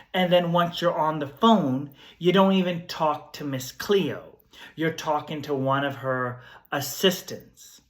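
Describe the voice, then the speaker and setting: A storyteller host with a laid-back hippie persona and groovy slang, telling a story in a casual vlog. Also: mid-range voice.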